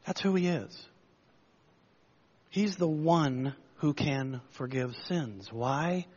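A man preaching a sermon, retelling a story with animated asides and acted-out lines. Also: a little high, slow pace, muffled recording. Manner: storytelling, lively, acts out the crowd's lines.

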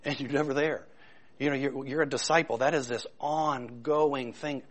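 A man's voice: mid-range voice, steady tone, normal speed. A man preaching a conversational sermon, informal and full of rhetorical questions. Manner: informal and searching, poses many rhetorical questions. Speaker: pastor.

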